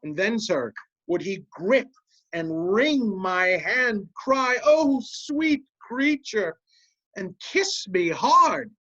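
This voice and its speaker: An actor reading the part of a cunning, scheming male officer in an amateur Shakespeare reading, with a measured, insinuating delivery. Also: mid-range voice, lively intonation, sharp tone, muffled recording, exaggerated voice.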